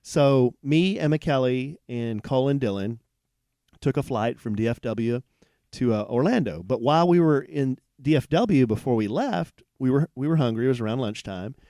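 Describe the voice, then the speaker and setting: Man, podcast co-host, rambling animated storyteller, dry close sound. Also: mid-range voice, normal speed, no echo. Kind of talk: casual storytelling chat. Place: hotel room, on a bed.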